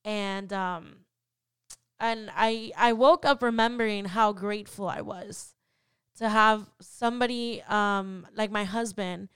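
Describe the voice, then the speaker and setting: A woman's voice: medium pitch, steady tone, slow, fairly bright tone, clean tone, dry recording, studio quality. A young woman hosting a podcast, telling a personal story in a heartfelt way that turns emotional at times. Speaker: podcast host.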